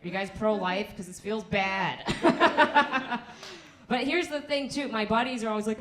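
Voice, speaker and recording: A woman doing a stand-up set, telling dark jokes flatly and laughing at her own lines. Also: on the high side, moderate pace. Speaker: stand-up comedian. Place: comedy club stage. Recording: echoey comedy club.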